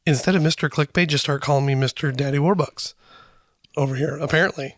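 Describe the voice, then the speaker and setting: A hoarse man who is losing his voice, co-hosting a podcast with goofy jokes in casual chat. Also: a little high, fairly even intonation, quick pace, dry recording, studio quality. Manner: goofy, joking. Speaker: podcast co-host.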